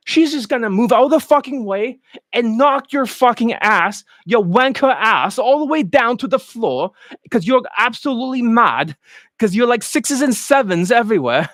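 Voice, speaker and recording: A man's voice: very high-pitched, animated, normal speed, fairly bright tone, dry recording, clean studio sound. A man ranting as a dating coach, blunt, profane and mocking.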